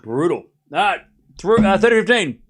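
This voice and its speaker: Man, high voice, live tennis commentary, chatty, excitable. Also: normal speed. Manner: excitable play-by-play, chatty, laughs often. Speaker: streamer host.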